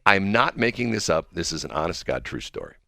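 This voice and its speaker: Lively talk-show host, bright voice. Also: male voice, low voice, fast, creaky, no echo, clean studio sound. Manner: rambling, chuckling, self-deprecating. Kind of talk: casual storytelling chat.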